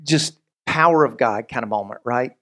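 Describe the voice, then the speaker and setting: A man's voice: mid-range voice, normal speed. Guy pastor preaching a sermon, storytelling with lots of jokes and side tangents, mid-range voice. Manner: lively, joking storyteller with frequent asides.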